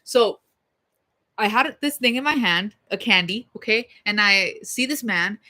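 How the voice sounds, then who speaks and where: A woman's voice: mid-range voice, lively intonation, unhurried, bright, forceful tone. A young woman telling a story casually on a livestream, heated, blunt and full of swearing and fillers.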